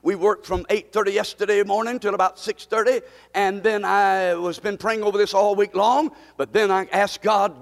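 A man's voice: sits high, fairly even intonation, moderate pace, creaky, long reverb tail. A man preaching a Bible study sermon, drawing the congregation into call-and-response and building to emphatic, repeated questions. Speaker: pastor.

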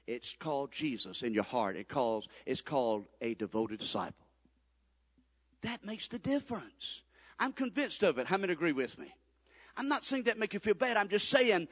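A man, preaching a sermon as pastor, swinging from loud appeals to low confiding asides. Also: big-room sound. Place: church sanctuary.

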